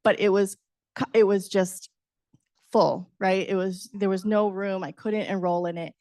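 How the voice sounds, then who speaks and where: A middle-aged woman, a book author, telling a lively personal story at a book talk, laughing often and acting out her younger self. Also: mid-range voice, measured pace, no echo, studio quality. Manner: animated, acts out her past self, laughs often, says "right?". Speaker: author guest.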